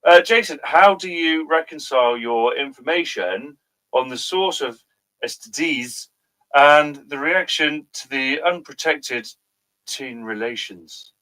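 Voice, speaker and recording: A man's voice: on the high side, animated, a little slow, bright, forceful tone. A man co-hosting a comedy show, bantering casually with hesitant ums. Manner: hesitant, full of ums, laughs easily.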